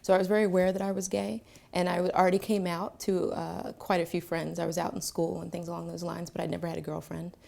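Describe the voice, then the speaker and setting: Gravelly-voiced woman. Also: on the low side, little pitch movement, dark tone. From Philadelphia, Pennsylvania. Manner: reflective, with frequent filler pauses. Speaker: storyteller. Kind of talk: personal storytelling to camera.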